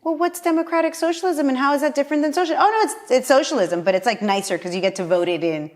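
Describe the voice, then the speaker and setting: A woman with a Spanish accent, a political candidate talking as a guest in casual conversation, animated and laughing often. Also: high-pitched, fast talker. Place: home.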